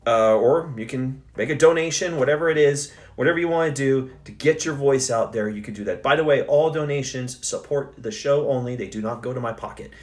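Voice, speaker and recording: Young guy running a gaming livestream, loose and chatty, lots of uhs and restarts, mid pitch. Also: brisk, few pauses. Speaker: host. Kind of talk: casual live-stream chat.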